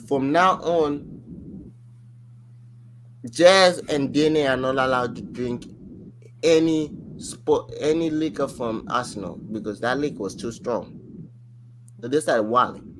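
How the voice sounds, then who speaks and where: A man co-hosting a podcast in casual chat, telling a story in an animated, rambling way full of fillers. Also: medium pitch, measured pace, pauses often, slight background noise. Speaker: podcast co-host.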